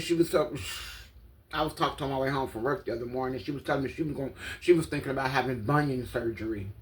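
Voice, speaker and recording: A woman, telling a casual, animated story in a vlog from her apartment, swearing, laughing and exclaiming dramatically. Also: extremely low pitch. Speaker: vlogger.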